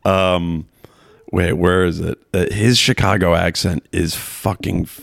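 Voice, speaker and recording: In a casual chat about movies, a man with a deep, gravelly voice rambles unhurriedly with fairly even intonation. Frequent laughter and free swearing mark his talk, captured in a dry, close recording.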